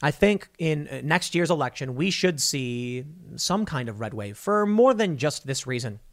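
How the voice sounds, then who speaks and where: A political commentator with a fairly high-pitched voice addresses his audience directly in a blunt, sarcastic monologue. Scornful and unfiltered, he fires off opinions without hedging, with lively intonation at a normal speed.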